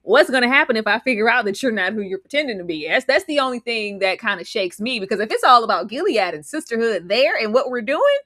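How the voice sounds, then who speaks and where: Sassy, bright-voiced woman recapping TV. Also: on the high side, fast talker, hardly any pauses, no echo, studio quality. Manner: animated, acts out characters' lines with slangy sass. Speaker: podcast co-host. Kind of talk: casual TV recap chat.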